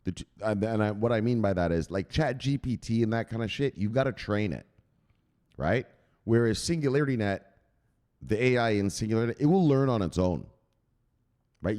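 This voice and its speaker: A man's voice: on the low side, warm tone. A man presenting crypto news, reading an article aloud and breaking off into casual, chatty asides to his viewers. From United States. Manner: chatty, digressive, asks viewers to google things.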